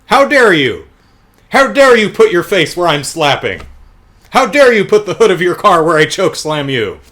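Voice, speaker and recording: A man's voice: high-pitched, very animated, moderate pace, voice pushed up. A man voicing a sleazy, bullying film producer in a mocking retelling. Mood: sarcastic outrage. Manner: mocking, indignant, loud sarcastic retelling.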